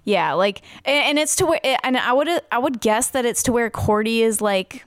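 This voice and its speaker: A woman's voice: a little high, animated, normal speed, no echo, clean studio sound. A woman playing a tabletop role-playing game, chatty and explaining her moves. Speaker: player. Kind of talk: casual tabletop game chat.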